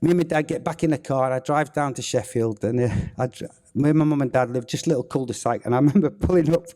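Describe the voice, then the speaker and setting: A man, a former footballer telling a lively, swearing anecdote on a theatre stage. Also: medium pitch, quick pace. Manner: swearing, animated anecdote telling with acted-out quotes. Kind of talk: on-stage storytelling. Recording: reverberant theatre hall.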